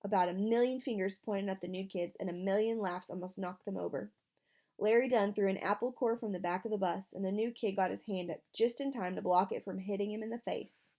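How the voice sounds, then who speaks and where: A woman reading a children's novel aloud, voicing the characters with changes in pitch and loudness. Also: fairly quick. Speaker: audiobook reader.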